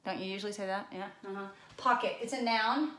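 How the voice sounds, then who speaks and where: A woman's voice: medium pitch, quick pace, a bit bright. A woman teaching a children's spelling lesson, playful and patient, using props and guessing games to introduce each word. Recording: echoey room.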